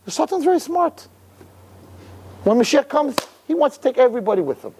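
A man, a rabbi, giving a fiery religious sermon, dropping to low murmurs and then shouting high, emphatic and repetitive, full of Hebrew and Yiddish religious terms. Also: big pitch swings, brisk, long pauses, slight background noise.

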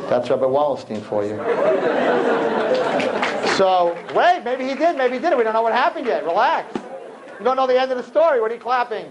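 A man, a rabbi telling a story to a live audience in an animated sermon, acting out the people in it. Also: fairly quick, long pauses, roomy sound, crowd noise, background noise. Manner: animated storyteller acting out quotes, swinging loud and high. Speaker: rabbi giving a talk to young people.

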